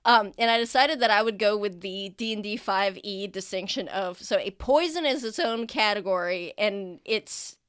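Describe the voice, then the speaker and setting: A woman's voice: medium pitch, moderate pace, few pauses, fairly bright tone, clean tone, dry recording, studio quality. A woman acting as game master on a tabletop role-play podcast, explaining her rules in a chatty, rambling way with many fillers and restarts.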